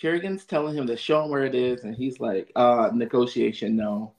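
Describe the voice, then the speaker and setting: A man co-hosting a casual TV recap, summarizing the plot in a relaxed, joking way. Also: mid-range voice, brisk. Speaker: podcast co-host.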